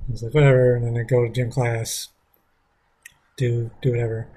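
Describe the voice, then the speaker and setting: A man's voice: mid-range voice, monotone, moderate pace, dark tone, breathy edge. A man casually telling a story from his school days, rambling with frequent swearing. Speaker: vlogger.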